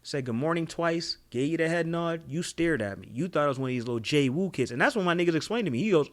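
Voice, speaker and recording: A young man, co-hosting a casual podcast and telling profane, animated stories, laughing often and acting out other people's voices. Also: a little high, fast, hardly any pauses. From Boston. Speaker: podcast co-host. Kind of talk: casual storytelling chat.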